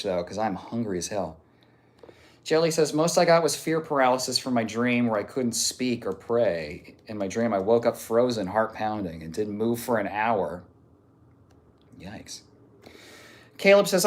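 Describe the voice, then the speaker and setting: A man streaming live, reading viewer messages aloud in a joking, off-hand way. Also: mid-range voice. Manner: joking, off-hand, reads messages out one after another.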